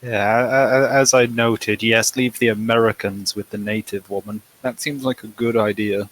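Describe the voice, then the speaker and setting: A man's voice: fairly low pitch, fairly even intonation, moderate pace, a bit bright, slight background noise, rough recording. A man co-hosting a casual podcast, trading dry, sarcastic asides about a film. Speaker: podcast co-host.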